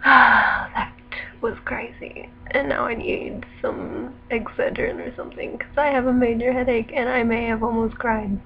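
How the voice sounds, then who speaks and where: A woman's voice: a little high, little pitch movement, normal speed, few pauses. A teenage girl vlogging at home, rambling and laughing at herself. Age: late teens. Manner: rambling, self-deprecating, filler-heavy. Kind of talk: casual vlog chat. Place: at home indoors. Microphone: webcam. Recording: dull lo-fi webcam audio with noise.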